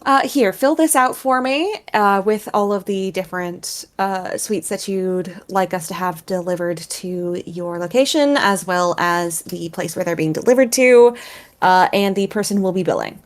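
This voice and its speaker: A woman's voice: mid-range voice, unhurried, lightly acted. A woman voicing a friendly young male candy-shop owner, chatty and welcoming.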